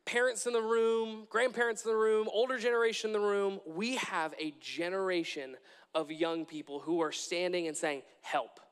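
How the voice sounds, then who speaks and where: Young male preacher, high-pitched, earnest and repetitive, large reverberant hall. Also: fairly even intonation, normal speed, clean tone. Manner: earnest, repetitive, with frequent restarts. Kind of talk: sermon.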